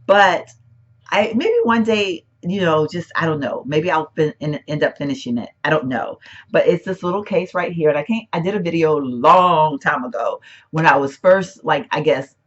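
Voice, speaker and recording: A woman beauty vlogger chatting casually about her makeup at home, rambling and self-interrupting, her voice hoarse and cracking. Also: sits low, moderate pace, dull audio. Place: room at home, once a bedroom.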